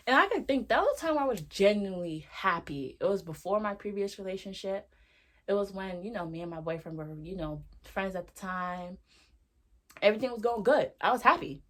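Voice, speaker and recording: A young woman in her twenties talking candidly in a casual video diary, reflective and slangy, full of fillers. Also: on the low side. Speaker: vlogger.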